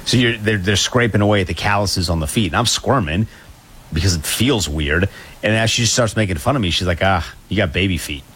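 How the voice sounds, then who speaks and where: A man's voice: fairly low pitch, a little fast, fairly bright tone, slightly rough. A man co-hosting a casual podcast, telling a wry story in a laid-back way. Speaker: podcast co-host.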